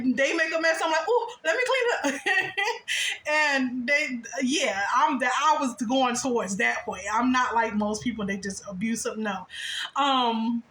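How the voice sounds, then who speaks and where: A woman in her thirties telling a long personal story in a casual, animated monologue, often breaking into high quoted voices and laughing. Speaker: spiritual vlogger. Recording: echoey room.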